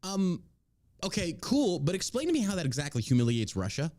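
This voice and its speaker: Man, podcast host, crude comedic banter, profane, mocking, very lively pitch. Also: brisk. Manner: profane, mocking, slips into put-on accents for jokes.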